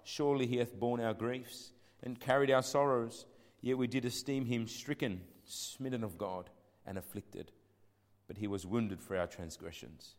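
A man preaching a sermon with passion, rising to loud declaiming and dropping to hushed pleading, and reading scripture in old-fashioned wording. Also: mid-range voice, moderate pace. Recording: long hall reverb.

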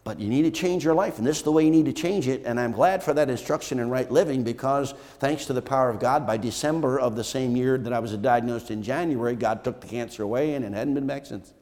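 A male pastor preaching with an emphatic, repetitive cadence and frequent rhetorical questions. His mid-pitched voice rings through a church sanctuary, each phrase trailing into a long hall echo. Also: quick pace, hardly any pauses, a little mellow. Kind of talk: sermon.

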